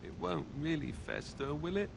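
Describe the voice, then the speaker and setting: A whiny, boyish young warrior from a fantasy game, sheepish and pleading. His voice sits a bit high and swings widely, over noisy game audio. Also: expressive, moderate pace, creaky.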